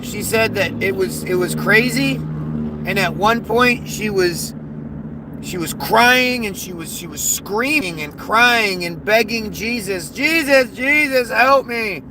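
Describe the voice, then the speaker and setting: A man's voice: high-pitched, takes it slowly, background noise. A man ranting heatedly and profanely on a livestream, reading chat and often restarting his sentences. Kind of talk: casual livestream rant.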